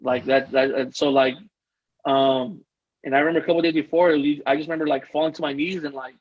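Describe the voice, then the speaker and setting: A man's voice: on the high side, fairly even intonation, quick pace, slightly rough, muffled recording. A man telling a personal story as a podcast guest, earnest and rambling, often restarting his sentences. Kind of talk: casual interview storytelling.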